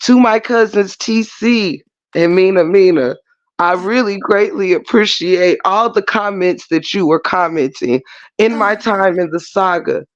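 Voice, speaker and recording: A man's voice: high voice, a little slow, no room sound, dull audio. A man giving sassy, profane commentary on online drama with a mocking, laughing manner. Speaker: livestream commentator.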